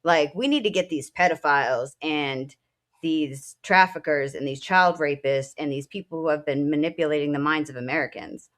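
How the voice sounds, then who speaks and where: A woman with a lowish voice co-hosts an online political talk show. She talks bluntly and with feeling, drops swear words, and draws on her time serving in the military. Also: moderate pace, a bit bright. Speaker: co-host; military veteran.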